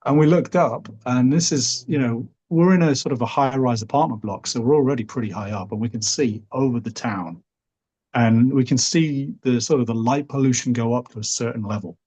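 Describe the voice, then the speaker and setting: Husky Liverpool man telling a story. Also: mid-range voice, brisk, a little mellow. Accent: Liverpool English. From Liverpool, England. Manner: rambling, hedges often with "sort of" and "you know". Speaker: podcast guest. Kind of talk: relaxed storytelling.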